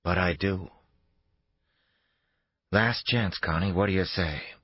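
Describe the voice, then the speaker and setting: A man's voice: low voice, slow pace, no echo, dull audio, pitched above the performer's own voice. A man voicing a tough, wary woman federal agent who talks in a clipped, demanding way, in an audiobook. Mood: pressing.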